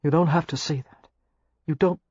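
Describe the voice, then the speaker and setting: A narrator voicing a troubled young American man in an audiobook, speaking quietly and hoarsely. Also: medium pitch, steady tone, normal speed, no echo, highs cut off, lightly acted. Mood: subdued. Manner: quiet and subdued. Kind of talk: audiobook character reading.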